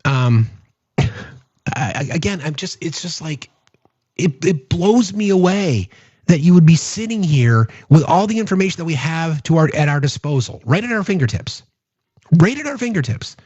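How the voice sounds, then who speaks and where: A man's voice: a little high, expressive, normal speed, a little mellow, breathy edge, no room sound, muffled recording. A man hosting a political commentary stream, talking in an exasperated, sarcastic way and firing off rhetorical questions.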